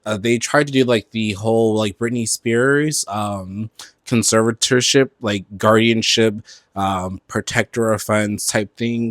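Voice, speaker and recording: A man hosting a podcast, talking casually about pop-culture news from home in front of his closet, animated and gossipy, swearing freely and filling his talk with "like" and "um". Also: mid-range voice, dry recording, studio quality. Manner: animated, gossipy and profane, with frequent fillers. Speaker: podcast host.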